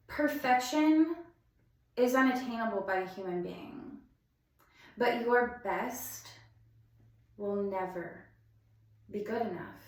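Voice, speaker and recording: A young woman telling a painful personal story in a halting, emphatic way, often restarting her sentences. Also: fairly high pitch, darkish tone. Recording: very echoey room.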